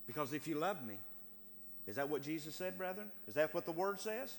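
A man's voice: high-pitched, animated, brisk, gravelly, fairly bright tone, big-room sound, a little hiss or hum. A man preaching a sermon as pastor, reading scripture and driving points home by repeating phrases to the congregation. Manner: emphatic preaching, repeats phrases, addresses brethren.

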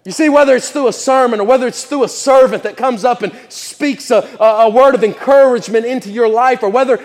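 A man's voice: very high-pitched, long reverb tail. A man preaching a sermon in church, folksy and chatty, laughing often and repeating his words.

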